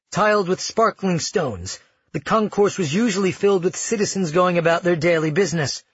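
A man narrating an audiobook in scripted, steady storytelling. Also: sits high, breathy edge, no room sound, lo-fi sound.

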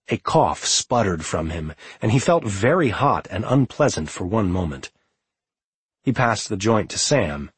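Husky, low-voiced male audiobook narrator. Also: dry recording.

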